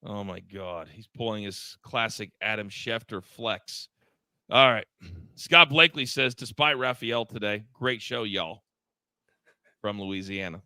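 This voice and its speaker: A man hosting a live sports betting show, upbeat and teasing as he calls on each crew member for quick picks. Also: fairly low pitch, pushed and bright, clean tone, no room sound, low-quality recording. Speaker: host.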